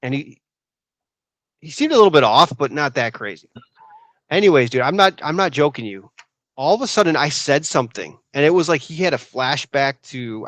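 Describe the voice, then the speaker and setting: A young adult man co-hosting a podcast, telling stories in a casual, animated way and saying "dude" a lot. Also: fairly high pitch, dry recording. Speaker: podcast co-host. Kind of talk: casual chat.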